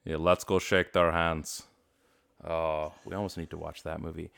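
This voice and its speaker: A man co-hosting a casual sports talk show, animated and jokey, laughing often. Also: extremely low pitch, normal speed, creaky, smooth. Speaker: podcast co-host.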